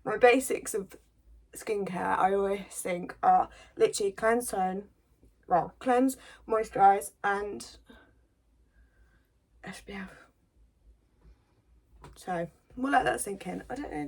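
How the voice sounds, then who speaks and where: A woman's voice: medium pitch, normal speed, vocal fry, darkish tone, breathy edge. A woman from the English Midlands chats through her makeup routine as if talking to a friend. She rambles happily from one thought to the next. Her voice has a hint of a cold coming on. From English Midlands, near Birmingham. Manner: chatty and rambling, talks to viewers like a friend. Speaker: beauty vlogger. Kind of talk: chatty get-ready-with-me makeup vlog.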